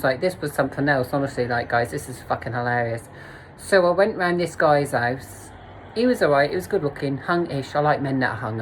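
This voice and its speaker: Woman vlogger, low-ish voice, blunt and sweary, laughing at herself, faint hum behind. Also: low-quality recording. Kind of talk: candid storytime monologue.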